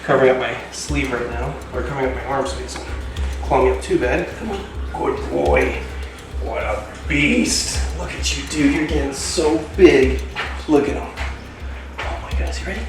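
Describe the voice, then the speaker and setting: A man's voice: medium pitch, animated, normal speed, recorded from a distance, music in the background. Enthusiastic man coaxing animals in echoey room. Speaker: reptile keeper and show host. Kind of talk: casual vlog narration.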